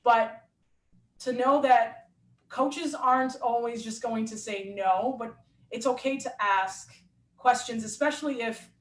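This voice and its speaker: A woman athlete and coach telling a story in a lively, animated way in a casual interview. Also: on the high side, measured pace. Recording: roomy echo.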